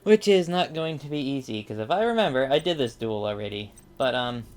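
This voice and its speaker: A man's voice: medium pitch, lively intonation, brisk, clear, resonant tone, soft background music. A man giving casual, rambling commentary while playing a card game, full of fillers and asides. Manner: rambling, chatty, many fillers. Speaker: let's play gamer.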